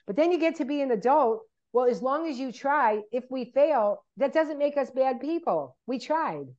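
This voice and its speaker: A woman's voice: high-pitched, normal speed, muffled recording. A woman in casual chat, telling stories and acting out what people said to her. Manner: animated storyteller, acts out quoted people.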